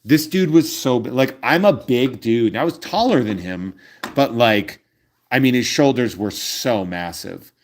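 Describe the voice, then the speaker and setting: A man's voice: medium pitch, animated, measured pace. A man in his forties hosting a card collecting channel, chatting casually to viewers in a rambling way, with many ums and uhs. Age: 40s.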